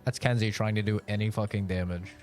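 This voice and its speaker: A man's voice: fairly low pitch, steady tone, fast, a little mellow, soft background music. A young man streaming a video game, joking, swearing and reading tooltips aloud. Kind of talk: casual gaming commentary.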